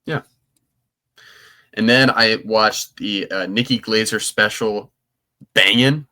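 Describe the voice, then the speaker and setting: A man's voice: on the low side, fairly even intonation, slow pace, pushed and bright. A young man co-hosting a podcast, chatting casually and rambling with frequent restarts. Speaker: podcast co-host. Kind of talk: casual chat.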